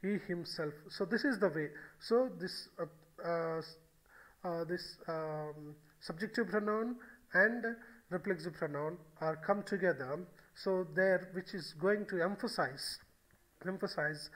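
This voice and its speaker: High-pitched man teaching grammar. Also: rough recording. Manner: explanatory, repeats key phrases, frequent "okay" and "so". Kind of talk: recorded video lecture.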